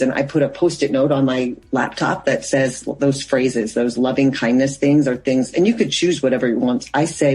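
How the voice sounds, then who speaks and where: A woman's voice: a bass voice, brisk, hardly any pauses, darkish tone, breathy edge, poor audio. A woman guest, a mindfulness coach, answering interview questions in an earnest, explanatory way, with loose sentences and frequent fillers.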